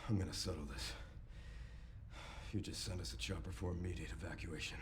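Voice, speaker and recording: An actor playing a weary, wounded male agent in a video game, speaking in terse, gruff lines while ailing. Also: sits low, fairly even intonation, fairly quick, lightly acted. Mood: grim. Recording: game audio under streamer noise.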